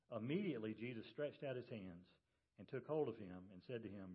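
A male pastor preaching a sermon to his congregation in a relaxed, storytelling way. He drops his voice low for quoted words. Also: brisk, muffled recording. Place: church service.

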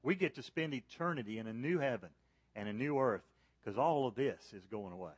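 A man preaching a sermon to a church congregation, rising to loud, high emphasis on key points and falling soft and low in prayer. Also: expressive, fairly quick, slightly rough, no echo. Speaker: pastor. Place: church service.

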